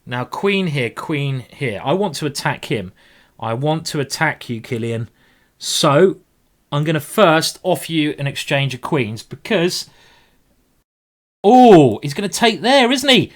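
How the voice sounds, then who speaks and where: A man commentating live on his own blitz chess games, excitable and playful, teasing his opponent out loud. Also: a little high, measured pace. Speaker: chess streamer.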